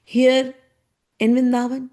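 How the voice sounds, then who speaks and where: A woman's voice: high voice, monotone, slow, warm tone. A woman teacher giving a devotional scripture talk, reciting Sanskrit verses and then explaining them in a conversational way. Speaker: spiritual teacher.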